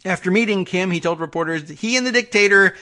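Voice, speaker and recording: A man's voice: sits high, fast talker, bright, forceful tone. A man hosting a political podcast, reading news stories aloud with sardonic, wry asides.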